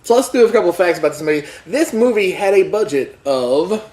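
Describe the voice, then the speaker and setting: High-voiced man recapping a movie in a roomy echo. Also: expressive, a little fast, noisy background. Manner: rambling, jokey storytelling with asides. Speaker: podcast co-host. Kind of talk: casual movie recap chat.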